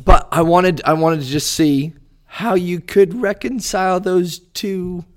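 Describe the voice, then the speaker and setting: A man's voice: high voice, fairly even intonation, a little slow. A man, a magician, asking probing questions in a casual podcast chat.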